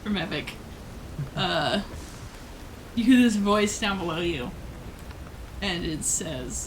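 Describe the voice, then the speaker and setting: A woman runs a tabletop game as game master, narrating scenes in a relaxed, laid-back way. She talks slowly and fills her pauses with "um" and "like". A faint hiss sits behind her voice. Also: fairly low pitch, poor audio. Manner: relaxed, laughing, many fillers.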